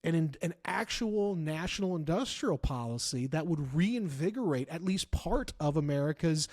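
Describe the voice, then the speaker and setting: A man talking politics as a guest in a casual conversation, telling stories with emphatic repeats and bursts of loud laughter. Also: on the high side, normal speed. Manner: animated storyteller, laughs loudly, repeats for emphasis. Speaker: author and guest.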